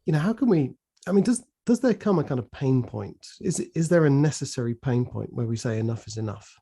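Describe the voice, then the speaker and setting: A man's voice: mid-range voice, expressive, brisk, dark tone, breathy edge. A man hosting an interview, asking thoughtful, rambling questions. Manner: thoughtful, many "you know" fillers while asking questions. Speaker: podcast host. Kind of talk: conversational interview.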